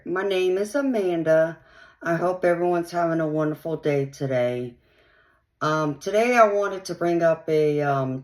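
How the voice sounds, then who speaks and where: A woman hosting her own channel, casually telling a personal story in a rambling way, filled with "um" and "you know". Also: low voice. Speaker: channel host.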